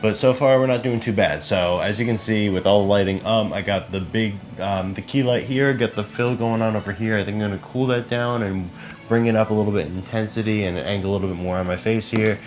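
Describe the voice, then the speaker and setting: A man's voice: lowish voice, a little fast. A young man talking casually and self-deprecatingly to himself as he sets up lights and cameras in a small apartment. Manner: chatty, self-deprecating, muttering to himself while working. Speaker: podcast co-host making a behind-the-scenes video. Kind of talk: casual behind-the-scenes vlog. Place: small apartment set up as a studio.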